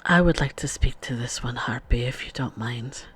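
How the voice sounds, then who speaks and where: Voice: mid-range voice, moderate pace, fairly bright tone, breathy edge. A man voicing an ancient female vampire seneschal with a French accent, formal and clipped. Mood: cold formal. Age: older.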